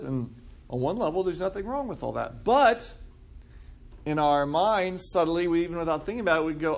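A man's voice: fairly high pitch, expressive, moderate pace. Casual, questioning male preacher. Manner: casual, asks the room questions. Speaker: pastor. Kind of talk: conversational sermon.

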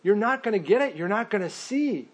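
A man preaching a sermon, reading scripture slowly and deliberately and acting out questions in a raised voice. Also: sits high, expressive. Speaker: pastor.

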